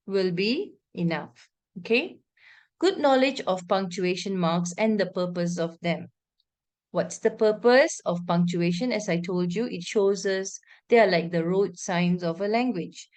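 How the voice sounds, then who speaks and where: A woman with a Malaysian English accent teaching an online English lesson, explaining patiently and often checking in with her students. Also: medium pitch. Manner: reads example passages aloud with expressive intonation.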